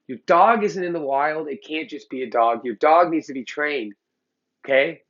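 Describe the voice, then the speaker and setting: A man's voice: on the high side, normal speed, a bit bright, highs cut off. A man who trains dogs, lecturing bluntly to the camera in a heated, profane way. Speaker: dog trainer. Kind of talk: blunt opinionated talk to camera. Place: Los Angeles.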